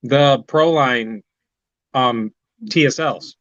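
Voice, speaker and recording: A man chatting casually on a remote line, unhurried and trailing off with fillers. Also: medium pitch, a bit bright, dry recording, highs cut off. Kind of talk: casual chat.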